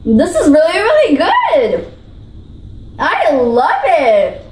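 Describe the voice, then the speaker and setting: A woman's voice: very high voice, wildly swooping pitch, slow, darkish tone, roomy sound, poor audio. A female vlogger talking in a bubbly, gushing way while she taste-tests food, repeating her praise. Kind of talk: food challenge vlog.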